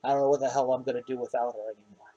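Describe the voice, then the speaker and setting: A blunt, battered dwarf warrior, voiced by a man. He talks in a gruff, plain way, worn down by grief and injury, at a middle pitch. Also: fairly even intonation, rapid-fire, mellow, lo-fi sound, close to an everyday voice. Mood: grieving. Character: grieving male dwarf warrior, wounded, blunt.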